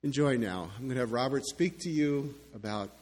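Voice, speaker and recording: A man preaching, asking the congregation slow, deliberate questions. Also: mid-range voice, darkish tone. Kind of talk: sermon. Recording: church sanctuary with long reverb.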